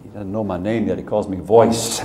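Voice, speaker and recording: A man's voice: low-pitched, normal speed. Man telling stories in an echoey hall. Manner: conversational, animated storyteller with asides. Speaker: guest speaker. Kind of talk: humorous storytelling speech. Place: event hall at a club luncheon. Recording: echoey room with faint noise.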